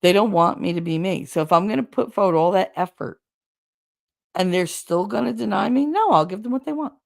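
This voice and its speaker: A woman's voice: medium pitch, expressive, brisk, creaky. A middle-aged woman chatting casually on a live stream, candid and wry, venting with sarcastic asides. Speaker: streamer hosting a chat.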